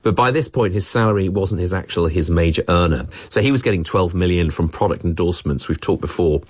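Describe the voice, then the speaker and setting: A man co-hosting a talk podcast, explaining things in a relaxed storytelling way with small asides. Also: deep voice, a little fast, husky, no room sound. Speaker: podcast co-host. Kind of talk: conversational explainer.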